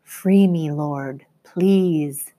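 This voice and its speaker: A woman's voice: low voice, drawn-out words, warm tone, dry recording. A woman voicing a frightened talking zebra that politely begs to be freed, in a storybook reading. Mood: pleading. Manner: pleading, polite.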